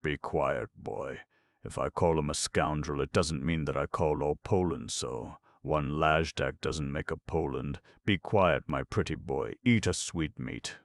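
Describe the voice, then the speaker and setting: A man's voice: very deep voice, unhurried, no room sound. A man doing a blustering drunk young man. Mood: swaggering. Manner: blustering, raised voice.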